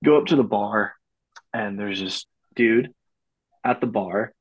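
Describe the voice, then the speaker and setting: A man from Pittsburgh, a guest on a casual podcast, telling an animated story and laughing often as he goes. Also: lowish voice, slow pace, breathy edge, low-quality recording. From Pittsburgh, USA. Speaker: guest, in the military.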